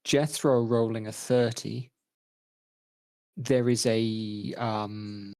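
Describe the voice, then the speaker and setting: Unhurried man running a tabletop game. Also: lowish voice, steady tone, dark tone, dry recording. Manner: measured, thoughtful, with frequent ums. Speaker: game master.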